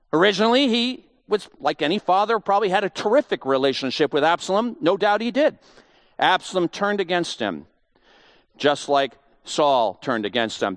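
A man's voice: on the high side, no echo, studio quality. A man giving a conversational Bible teaching, emphatic and full of rhetorical questions.

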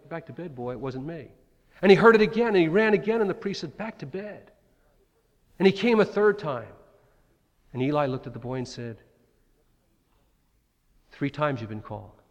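A man preaching a sermon, dramatically acting out the cries of Bible figures. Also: fairly high pitch. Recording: long hall reverb.

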